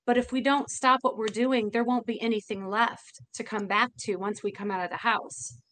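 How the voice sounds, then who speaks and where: A woman's voice: fairly high pitch, fairly even intonation, moderate pace, a bit bright. A woman who owns a bar, speaking earnestly and from the heart in an interview, often restarting her sentences. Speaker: bar owner. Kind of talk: emotional interview talk.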